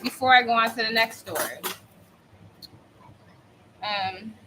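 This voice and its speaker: A woman's voice: on the high side, slow pace, sharp tone, a little hiss or hum, low-quality recording. A woman in her thirties telling a casual storytime while cooking at home, chatty and full of "like" fillers. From United States. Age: 30s. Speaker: vlogger.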